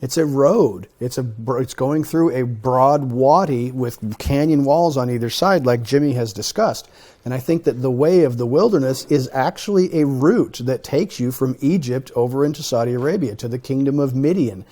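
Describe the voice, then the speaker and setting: A man's voice: medium pitch, moderate pace, mellow. A man leading a conversational Torah study, talking earnestly and thinking aloud. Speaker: Bible study teacher.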